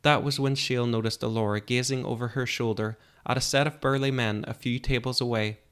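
A man narrating a fantasy story in a calm, measured audiobook style. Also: mid-range voice, smooth.

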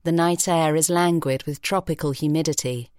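Woman, low voice, expressive audiobook narration, dry studio. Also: no echo. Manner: measured, expressive storytelling. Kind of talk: scripted narration. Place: recording studio.

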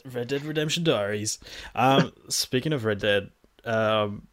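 A man co-hosting a casual podcast, talking in a relaxed, hesitant way with many ums. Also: mid-range voice, measured pace. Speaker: podcast co-host. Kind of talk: casual chat.

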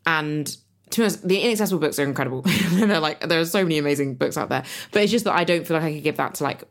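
A woman's voice: low-pitched, rapid-fire. A woman co-hosting a podcast, speaking reflectively in casual conversation, with many fillers and restarts. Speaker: podcast co-host and author.

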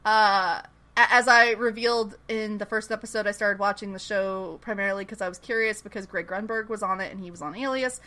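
In a casual podcast conversation, this woman recaps a TV episode a little fast, her voice medium in pitch. She laughs a lot and animatedly imitates the characters with playful voices.

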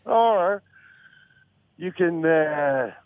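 A man's voice: on the high side, expressive, very slow, no echo. A man with an Irish accent calling in from an airport, telling a story with wry self-mockery over the phone. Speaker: podcast regular calling in from an airport. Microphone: phone line. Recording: tinny phone line.

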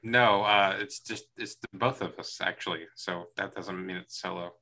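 A man co-hosting a podcast in casual chat, teasing and quick to react. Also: deep voice, fairly even intonation, sharp tone. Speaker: podcast co-host.

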